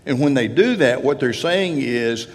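A man's voice: medium pitch, expressive. Guy giving a sermon, takes his time, stumbles over words, long echo like a big church. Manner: slow, halting with repeated words, rising emphasis on key phrases. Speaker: preacher. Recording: long reverb of a large hall.

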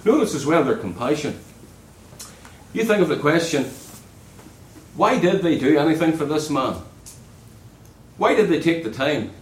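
A man preaching a sermon in an earnest way, dropping low and soft on key words. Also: expressive, moderate pace, long pauses, roomy sound, low-quality recording.

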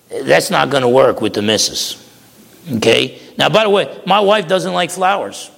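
A man's voice: on the high side, moderate pace, creaky, fairly bright tone. A middle-aged man from New Jersey preaching a sermon, folksy and storytelling, often repeating words as he goes. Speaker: pastor. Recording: long hall reverb.

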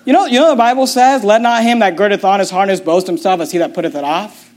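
A man's voice: high-pitched, animated, quick pace. A man preaching a sermon as pastor, emphatic and mocking in turns, often repeating his words. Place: church.

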